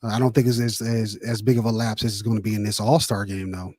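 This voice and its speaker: Relaxed man chatting on a sports podcast. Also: on the low side, quick pace, dry recording, clean studio sound. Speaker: podcast co-host. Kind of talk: casual sports chat.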